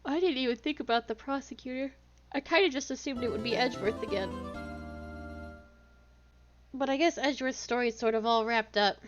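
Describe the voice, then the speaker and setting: A woman streamer talks through a game in a chatty, high voice and reacts aloud to each new scene. Game music plays steadily behind her. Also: brisk, long pauses. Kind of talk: live gameplay commentary.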